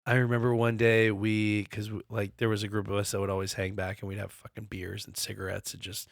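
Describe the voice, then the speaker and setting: A man's voice: fairly low pitch, level tone, a little fast, gravelly, dry recording, clean studio sound. A man in his forties co-hosting a podcast, telling stories in a loose, profane, easygoing way. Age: 40s. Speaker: podcast co-host. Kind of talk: casual chat.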